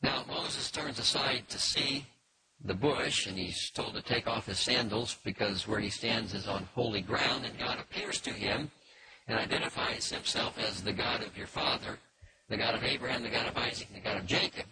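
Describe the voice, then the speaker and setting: A man teaching through a Bible passage in a measured, explanatory way, pausing often with fillers. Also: lowish voice. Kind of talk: expository Bible lesson. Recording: noisy recording with faint clicks.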